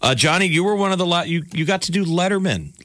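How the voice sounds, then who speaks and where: A man's voice: high-pitched, animated, fast talker, a bit bright, no room sound. A man hosting a radio morning show, chatty and reminiscing as he leads the interview. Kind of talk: casual radio chat.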